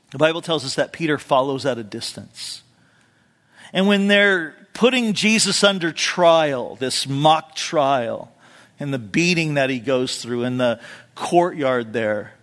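A man's voice: on the high side, fairly bright tone. A male pastor preaching a sermon in a conversational storytelling way, dropping in "you know" asides and acting out quotes with a raised voice. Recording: long reverb of a large hall.

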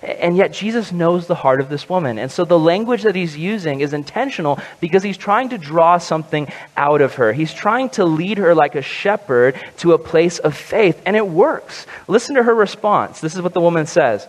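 A pastor giving a conversational sermon, animated and joking. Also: male voice, on the high side, moderate pace, hardly any pauses. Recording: long hall reverb.

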